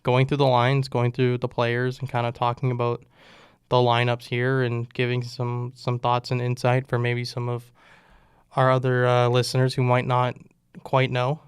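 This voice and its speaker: A man's voice: medium pitch, monotone, moderate pace, clear, resonant tone, no room sound, clean studio sound. Joking young man hosting a podcast. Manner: loose, joking, with many restarts. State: losing his voice. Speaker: podcast host. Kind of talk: casual sports podcast chat.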